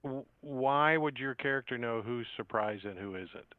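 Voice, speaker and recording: A man's voice: mid-range voice, moderate pace, smooth, dry recording. A man running a tabletop game as game master, narrating scenes in a rambling, laid-back way. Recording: tinny, dry phone-like line.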